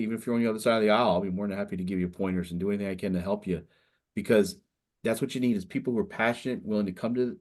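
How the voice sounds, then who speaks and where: Low-voiced middle-aged man, rambling. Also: darkish tone. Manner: rambling, conversational, frequent "you know". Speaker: state senator, guest speaker. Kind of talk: casual talk to students.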